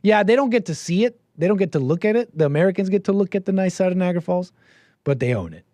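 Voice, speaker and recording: A man's voice: sits high, animated, quick pace, dark tone, no echo. A man hosting a call-in show, talking casually and rambling, with lots of restarts and easy laughs.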